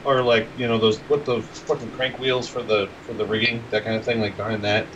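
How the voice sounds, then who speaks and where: A man's voice: fairly low pitch, flat delivery, a little fast, far from the mic. A man playing a tabletop game, talking in a rambling way with many fillers. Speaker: player. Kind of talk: casual game table chat. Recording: dull, noisy stream audio.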